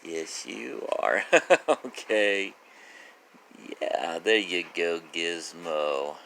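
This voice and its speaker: A man making a casual home vlog, cooing to his pets in slow, high baby talk and chuckling often. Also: creaky, pushed and bright, slight background noise, poor audio. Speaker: vlogger.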